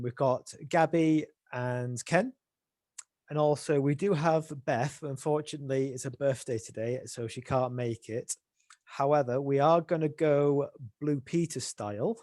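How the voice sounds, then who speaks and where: A man's voice: medium pitch, darkish tone, no room sound. Male webinar host, upbeat and informal, dry close sound. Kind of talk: hosting a webinar. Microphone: video call.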